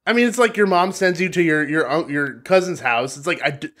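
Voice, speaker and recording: A man's voice: a little high, expressive, brisk, a bit bright. A young man, a podcast guest, chatting casually, laughing often and slipping into playful voices. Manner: laughs a lot, jumps into playful put-on voices. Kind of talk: casual chat.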